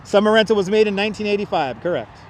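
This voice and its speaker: High-voiced chatty planespotting host. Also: male voice, expressive, racing, a little hiss or hum. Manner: chatty, joking, reads out flight details. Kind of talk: casual live commentary. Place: outdoors near an airport. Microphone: wireless clip-on mic.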